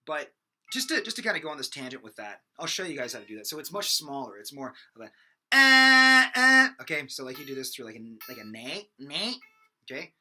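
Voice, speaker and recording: A man's voice: mid-range voice, animated, fast talker, pushed and bright. A young man giving a casual, rambling singing lesson, full of fillers and restarts. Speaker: singing teacher. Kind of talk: casual vocal lesson with sung demonstrations.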